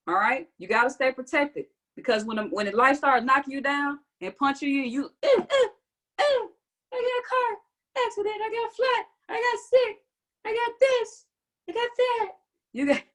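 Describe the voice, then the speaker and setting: A young adult woman giving an energetic, preachy motivational talk on a livestream, repeating her points and often laughing. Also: on the high side. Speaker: online coach.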